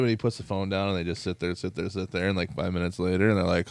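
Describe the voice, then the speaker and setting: A man's voice: deep voice, flat delivery, quick pace, gravelly, no room sound, studio quality. A man co-hosting a casual podcast chat, telling stories and laughing often. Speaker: podcast co-host.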